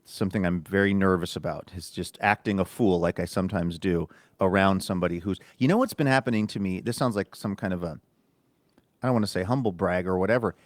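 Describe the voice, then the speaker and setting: A man's voice: sits low, fast, no echo. Casual chatty guy cohosting a podcast, acts out the quotes, dry mic. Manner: animated storytelling, acts out quotes. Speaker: podcast co-host. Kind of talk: casual chat.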